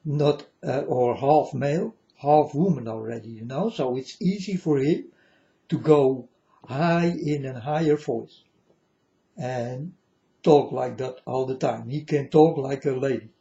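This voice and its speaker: A man with a dark, mid-range voice speaks a little slowly over dull audio. Addressing viewers as folks, he preaches a repetitive, wandering spiritual message in non-standard English.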